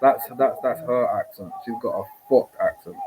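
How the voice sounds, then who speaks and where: Watching a live fight, a podcast co-host from Scotland chats casually, cursing liberally and wandering off on tangents. His voice is mid-range and his pace moderate, and the recording carries a noisy hiss.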